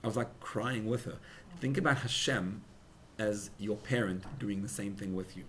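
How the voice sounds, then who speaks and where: A young rabbi preaching at a farbrengen, emotional, building to loud emphatic peaks and mixing in Hebrew and Yiddish words. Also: male voice, lowish voice, moderate pace, a little hiss or hum. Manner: mixes in Hebrew and Yiddish terms. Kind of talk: sermon at a farbrengen gathering.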